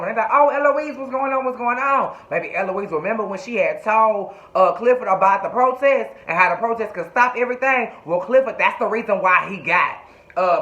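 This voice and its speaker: A man's voice: high voice, pushed and bright. A man casually recapping a TV show in a sassy, profane, chatty way. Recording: echoey room, dull lo-fi sound.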